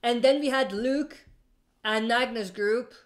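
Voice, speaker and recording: A woman's voice: on the high side, slow pace. A woman hosting a casual live stream, reading out viewer comments and answering in a rambling way, often stopping to correct herself. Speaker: livestream host answering viewer questions.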